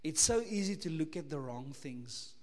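A South African man preaching a sermon, emphatic, full of rhetorical questions, swinging between loud and hushed. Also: fairly high pitch, expressive, normal speed, in a large hall. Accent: South African English.

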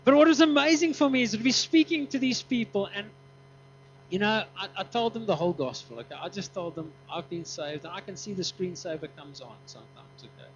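A man preaching a sermon, telling a story with lively acted-out dialogue and frequent laughs. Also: fairly high pitch. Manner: animated, acts out quoted dialogue, laughs often. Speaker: pastor. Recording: dull lo-fi recording with mains hum.

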